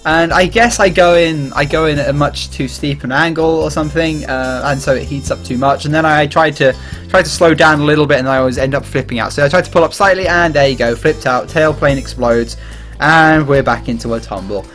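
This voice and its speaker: A man's voice: fairly high pitch, a little fast, a bit bright. A young Englishman with an accent between the Midlands and the South, rambling and joking through gameplay commentary. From England. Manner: rambling, jokey, often laughing. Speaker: gaming YouTuber. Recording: faint music underneath.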